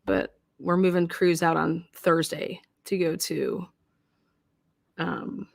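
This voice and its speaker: A woman hosting a true crime livestream, ranting casually and loudly with a lot of swearing. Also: on the low side, slow pace, vocal fry. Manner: rowdy, swearing, animated. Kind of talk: casual profane livestream rant.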